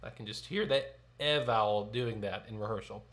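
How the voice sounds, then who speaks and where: A man's voice: fairly low pitch, moderate pace, over loud music. A man leading a choir sectional rehearsal. He counts in, sings short phrases and explains notes patiently. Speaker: choir director.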